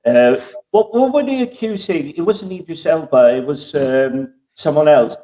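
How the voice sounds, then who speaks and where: A man chatting on a panel in a reflective, measured way. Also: fairly high pitch, expressive, dark tone, distant mic. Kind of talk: casual panel chat.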